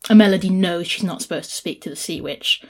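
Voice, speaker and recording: A woman's voice: on the low side, fast talker. A woman hosting a casual chat, animatedly retelling a picture book. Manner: animated storyteller, chatty.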